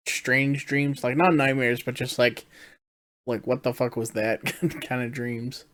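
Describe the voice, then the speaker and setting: A man co-hosting a podcast in a relaxed way, asking questions and chuckling as he tells a dream. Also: mid-range voice, unhurried. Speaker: podcast co-host. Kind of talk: casual podcast chat.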